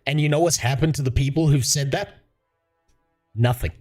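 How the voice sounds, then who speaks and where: A man's voice: medium pitch, moderate pace, a little mellow, soft background music. A man chatting casually on a livestream, profane and rambling, talking to his viewers. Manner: profane, rambling, laughs often. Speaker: streamer.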